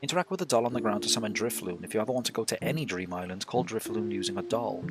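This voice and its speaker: Male streamer, lowish voice, lively pitch, swears a lot, laughs often, game music behind. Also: very fast. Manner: profane, laughs often, thinks aloud. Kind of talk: casual gameplay chat.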